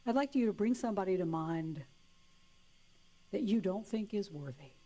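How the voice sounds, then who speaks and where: A woman's voice: medium pitch, animated, moderate pace, dark tone. Playful woman minister preaching. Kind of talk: sermon.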